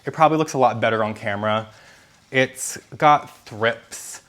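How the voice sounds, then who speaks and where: A man's voice: medium pitch, unhurried, a bit bright. A man chatting casually to camera at home about his houseplants, rambling and correcting himself as he goes. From Philadelphia area. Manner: rambling and self-correcting, with small laughs. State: out of breath. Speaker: plant vlogger. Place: home apartment indoors.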